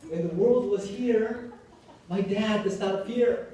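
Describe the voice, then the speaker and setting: Male professor, lively lecturer with jokes, slightly high voice, booming echo, distant mic, faint background hiss. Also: measured pace. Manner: animated storytelling, jokey asides. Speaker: university professor. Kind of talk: classroom lecture. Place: lecture hall. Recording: echoey hall, picked up from afar.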